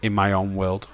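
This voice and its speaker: A man hosts a casual wrestling watch-along stream, joking with his chat, reading viewer comments aloud and laughing often. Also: on the low side. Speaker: livestream host.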